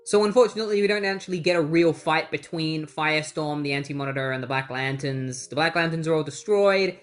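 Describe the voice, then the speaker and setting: A man's voice: fairly high pitch, fairly quick, a bit bright, faint music behind. Chatty man recapping comics. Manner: chatty and sarcastic, acting out characters. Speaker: comic book reviewer.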